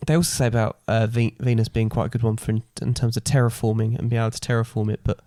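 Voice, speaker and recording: A man's voice: mid-range voice, fairly even intonation, fast, mellow, dry recording. Chatty podcast man, dry sound. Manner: explains at length, thinks aloud. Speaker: podcast co-host. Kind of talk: casual chat.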